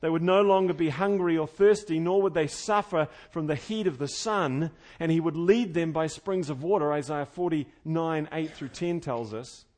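A man preaching an expository sermon, earnest and conversational, swinging between loud fervent emphasis and quiet intimate tones. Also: fairly high pitch, normal speed, few pauses. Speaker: pastor.

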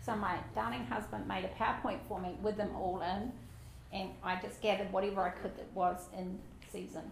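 A woman's voice: mid-range voice, fairly even intonation, fairly quick, vocal fry. Woman, Bible teacher, chatty, self-deprecating asides, roomy church hall, faint background noise.

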